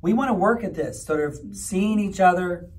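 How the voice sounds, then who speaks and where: Gentle pastor speaking to children. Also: male voice, high-pitched, normal speed. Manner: gentle, rambling explanation to children. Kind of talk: children's camp teaching. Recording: mic from far off.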